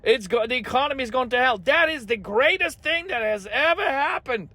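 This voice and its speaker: A fawning, giddy official, as a man mocks him, gushes in a raised, sing-song pitch. The delivery is heavy with exaggerated sarcasm. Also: animated, brisk, bright, forceful tone, no echo, exaggerated voice. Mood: sarcastic gushing. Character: mocking impression of a gushing male government official.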